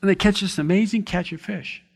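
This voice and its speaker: A man's voice: high voice, a little fast, vocal fry, long reverb tail. A man preaching an expository sermon in a conversational, reflective way, often restarting and adding asides.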